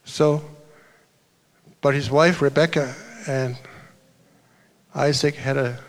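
A man's voice: mid-range voice, steady tone, slow pace. A man preaching a sermon as a pastor, telling a story in a loose, conversational way with restarts and asides.

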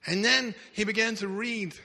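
A man's voice: high voice, steady tone, moderate pace, gravelly, sharp tone. A man preaching a sermon, telling a story dramatically with emphatic restarts. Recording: echoey hall reverb.

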